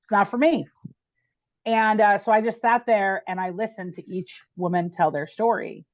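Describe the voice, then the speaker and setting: A woman guest on a podcast telling a personal story in an animated, chatty way, with frequent "like" and "right?". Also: mid-range voice, moderate pace, no room sound, muffled recording.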